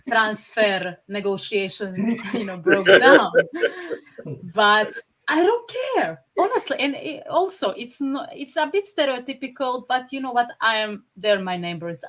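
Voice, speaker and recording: A woman's voice: medium pitch, fairly bright tone. A woman from a Slavic country, co-hosting a fan podcast in casual chat, blunt and temperamental, laughing often.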